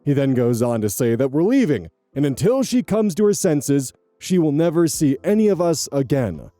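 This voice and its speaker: A man reads an online story aloud with lively, swooping emphasis. His voice is mellow and soft-edged, recorded close and dry, with faint music behind him. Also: a little high, normal speed, dry recording. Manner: animated, expressive, emphatic. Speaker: channel host reading online posts. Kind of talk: dramatic storytelling narration of a Reddit post.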